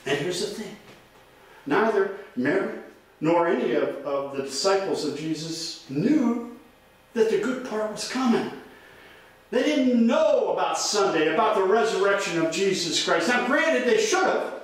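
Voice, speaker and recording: High-voiced preacher in an echoey church. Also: male voice, animated, unhurried. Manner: earnest preaching with frequent word repeats. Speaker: pastor. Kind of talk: sermon. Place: church sanctuary. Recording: roomy echo, voice from a distance.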